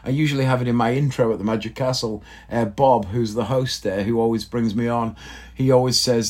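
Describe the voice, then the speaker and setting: A man's voice: medium pitch, fairly even intonation, brisk, a little mellow. A man, likely in his thirties, telling a rambling, self-mocking comic story on his podcast and swearing casually. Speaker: podcast host. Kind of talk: casual comedic monologue.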